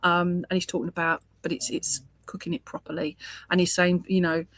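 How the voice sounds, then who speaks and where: A woman giving a live mediumship reading, speaking gently and reassuringly and often murmuring sympathy. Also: lowish voice, flat delivery, fairly quick, dry recording. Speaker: spiritualist medium.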